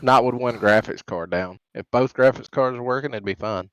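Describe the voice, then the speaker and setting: A man's voice: mid-range voice, normal speed, a bit bright, clean tone, no echo, dull audio. A man playing in a tabletop game, chatting casually in a laid-back, joking way. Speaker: player.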